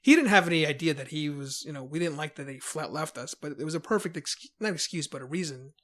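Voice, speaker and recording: New york guy swapping band stories on a podcast, acts out what people said, kinda high voice. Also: fast. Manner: chatty, lively storyteller who acts out quotes. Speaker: podcast guest, band member. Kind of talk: casual storytelling chat.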